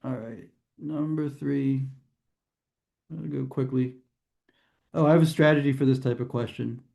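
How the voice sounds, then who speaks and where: Mellow and a bit creaky, this man's mid-range voice stays steady while he leads a casual test prep lesson in a classroom. He talks his way through ideas out loud, catching and fixing his own slips quickly.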